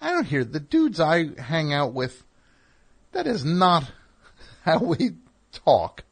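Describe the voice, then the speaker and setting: A man's voice: a little high, wildly swooping pitch, slow pace, slightly rough. A middle-aged man hosting a call-in radio show, telling rambling, wry, self-deprecating stories and chatting with callers. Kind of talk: casual monologue and call-in chat.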